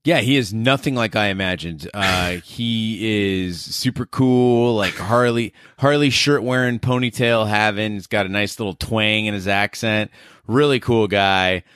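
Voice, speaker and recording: A man's voice: fairly low pitch, measured pace, fairly bright tone, clear, resonant tone, no room sound, clean studio sound. A man co-hosting a podcast in casual, easygoing chat with a wry touch. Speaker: podcast co-host.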